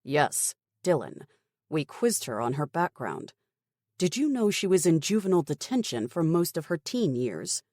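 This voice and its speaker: Brisk, stubborn middle-aged male officer, voiced by a woman for an audiobook; clipped, dismissive delivery, dry close mic. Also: sits low, very animated, mellow, dry recording, voice pushed up. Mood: stern. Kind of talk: audiobook character voice.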